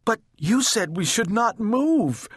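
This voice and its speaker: A man doing a high, fretful storybook housewife. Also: expressive, slow, breathy edge, dry recording, studio quality, full character voice. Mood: anxious. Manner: high, anxious pleading. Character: fretful older housewife, easily alarmed.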